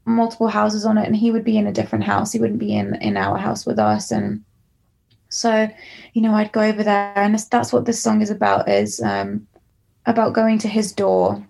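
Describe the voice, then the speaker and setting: A woman's voice: mid-range voice, lively intonation, normal speed, creaky, a little mellow. A young English woman, a musician, telling a candid and emotional story from her childhood in an interview. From England. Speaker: musician guest.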